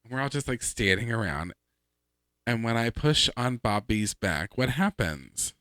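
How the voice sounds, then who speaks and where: A man co-hosting a podcast, telling work stories in an animated way and laughing along as he goes. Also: mid-range voice, unhurried, dry recording, studio quality. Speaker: podcast co-host. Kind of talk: casual chat, storytelling.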